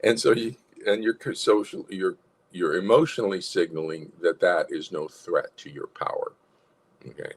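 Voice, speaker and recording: A man's voice: low-pitched, moderate pace, slightly rough. A man, a psychologist hosting an instructional livestream, who talks animatedly and acts out different tones of voice. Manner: animated, demonstrates tones of voice, chuckles.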